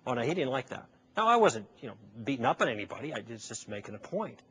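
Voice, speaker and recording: Husky-voiced man lecturing. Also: mid-range voice, very animated, quick pace, fairly bright tone. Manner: storytelling, acting out both sides of a conversation; conversational and persuasive, with rhetorical questions. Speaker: public speaker. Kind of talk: lecture to a live audience.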